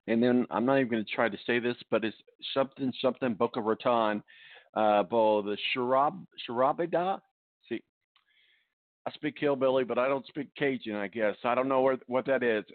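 A man's voice: mid-range voice, no room sound, phone-quality sound. A male radio host in casual sports talk, rambling and chuckling as he trips over names.

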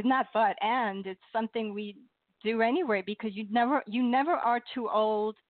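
A woman phoning in to a radio show, telling a story in a bubbly, animated way and laughing often. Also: mid-range voice, no echo. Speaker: caller. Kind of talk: excited phone-in storytelling. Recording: tinny phone line.

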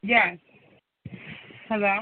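A woman from Baltimore calling into a show, overwhelmed and excited, rambling and near tears. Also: medium pitch, drawn-out words, no echo. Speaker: caller. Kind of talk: call-in conversation. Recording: dry, tinny phone line.

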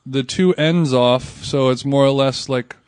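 A man's voice: mid-range voice, a little slow, a little mellow, clear, resonant tone, no echo, studio quality. A man hosting a casual food podcast, rambling and laughing often as he talks. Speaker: podcast host. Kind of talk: casual chat.

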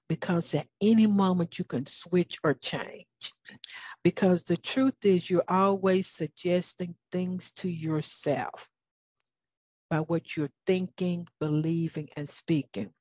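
A woman's voice: lowish voice, a little mellow, dry recording. A woman with a Southern US accent giving a motivational talk, folksy and preacherly, often asking her audience questions. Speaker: motivational speaker.

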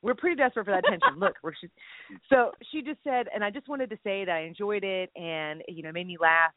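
A woman's voice: medium pitch, quick pace, no echo. A woman co-hosting a faith podcast over a phone call, talking in a jokey, rambling way. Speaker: podcast co-host. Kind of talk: casual faith chat. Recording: tinny phone line, dry.

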